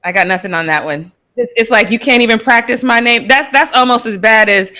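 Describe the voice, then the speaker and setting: Speaking fairly quickly with a bright, forceful tone and a voice on the high side, this US woman hosts a live sports talk show. She chats casually about sports news and laughs while reacting to clips.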